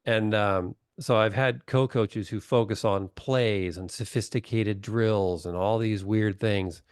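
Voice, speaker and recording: A middle-aged man on a video call who talks bluntly and plainly. His voice sits low and the sound is dry and close. He tells stories and acts out the voices of the people in them. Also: fairly even intonation, a little slow, clear, resonant tone, no room sound. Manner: blunt, storytelling, acts out quotes. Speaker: doctor, webinar guest. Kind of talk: casual chat.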